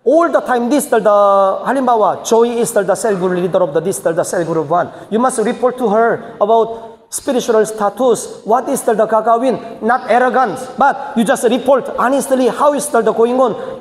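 A man with a very high voice, speaking at a moderate pace, leads a teaching seminar for church leaders as senior pastor. His phrasing is emphatic and choppy, building into bursts, and the recording has echoey hall reverb.

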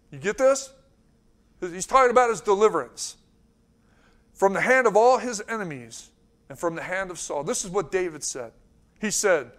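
A high-pitched man preaching in a church sermon. He presses his points with urgent repetition and reads scripture aloud with rising, emphatic force. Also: sing-song, normal speed, fairly bright tone. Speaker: pastor.

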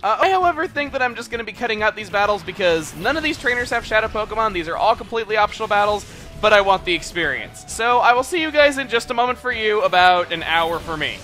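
A young man doing excitable, sarcastic commentary over gameplay. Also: sits high, fast talker. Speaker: let's player. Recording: faint music behind.

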